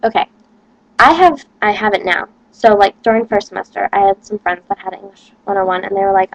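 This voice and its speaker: A woman's voice: medium pitch, brisk, no room sound, muffled recording. A young woman, a college student, rambling casually to camera and complaining with lots of "like". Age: young adult.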